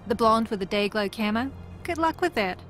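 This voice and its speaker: An actress voicing a wry, sarcastic female reality-TV contestant from New Zealand in a mystery video game, with a dry, teasing, deadpan delivery. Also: fairly high pitch, normal speed, faint music behind.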